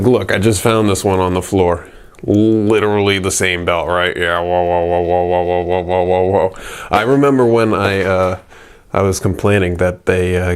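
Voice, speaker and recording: A man's voice: on the low side, a little mellow. A man reviewing wrestling toys in a casual, rambling, joking way, with lots of fillers and restarts. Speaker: toy reviewer. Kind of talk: casual unscripted toy review.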